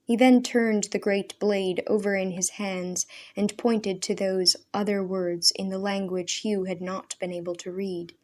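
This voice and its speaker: Woman storyteller, mid-pitched, measured expressive audiobook reading.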